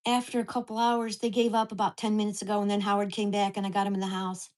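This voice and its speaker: A woman's voice: medium pitch, level tone, quick pace, a little mellow. A woman telling a heated, profane story about her neighbors in a casual vlog recorded at home. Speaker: vlogger.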